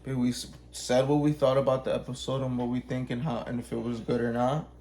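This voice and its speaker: Give me a man in casual chat with a mid-range voice. He tells a rambling, profane story, leans on "like" and restarts, and jumps into quick character voices. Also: medium pitch, level tone, mellow. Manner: acts out characters with quick voice changes.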